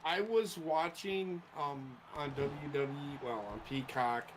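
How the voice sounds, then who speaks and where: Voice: mid-range voice, slow, background noise. A co-host chatting casually over a gameplay stream, teasing and swearing. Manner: teasing, swears, laughs often.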